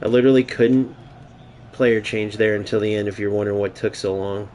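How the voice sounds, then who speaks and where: A young man streams a football video game, keeping up a casual, foul-mouthed running commentary and trash-talking his rival. He sits on the low side with a steady tone that's somewhat dark, and he talks briskly.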